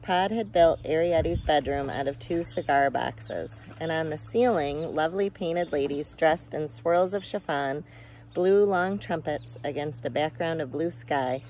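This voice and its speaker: A woman narrating a children's storybook chapter aloud in a calm, measured way. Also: low-pitched, slight background noise, rough recording. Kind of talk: audiobook narration.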